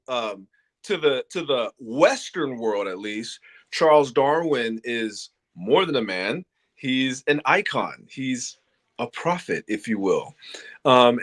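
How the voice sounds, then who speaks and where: A man's voice: mid-range voice, a bit bright. A man presenting a lecture series in an informal spoken style, earnest and plainspoken. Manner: earnest and plainspoken, insisting on facts.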